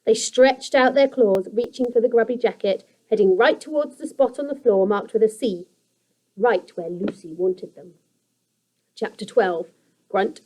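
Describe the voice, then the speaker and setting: A young adult woman teacher reading a children's story aloud in a steady, expressive storytelling manner. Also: mid-range voice, poor audio.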